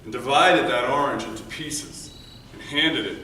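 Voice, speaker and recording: Man, contest speaker, earnest storytelling, bright tone, very echoey room, faint background noise. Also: mid-range voice, a little slow, recorded from a distance. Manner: earnest, shifts between loud emphasis and quiet hushed passages. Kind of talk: prepared storytelling speech. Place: meeting room before an audience.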